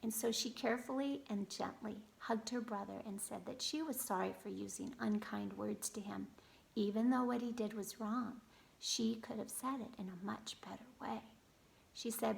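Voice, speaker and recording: A woman kindergarten teacher gently telling a story and talking directly to young children. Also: medium pitch, fairly even intonation, moderate pace, gravelly.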